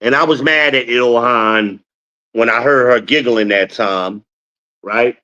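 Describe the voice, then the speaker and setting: A middle-aged man hosting his own stream, talking in an animated, scolding, preacher-like way. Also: medium pitch, takes it slowly, lo-fi sound. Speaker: podcast host. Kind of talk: casual streamed monologue, preaching.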